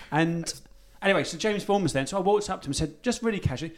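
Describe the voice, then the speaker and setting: A man's voice: high voice, quick pace. A man co-hosting a podcast, telling playful stories in a casual football chat. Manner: chatty storyteller, playful. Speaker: podcast co-host.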